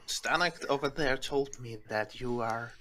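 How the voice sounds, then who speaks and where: A man playing a polite male dwarf cleric who speaks hesitantly, with many pauses and fillers. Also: mid-range voice, a bit bright, a little hiss or hum, close to an everyday voice.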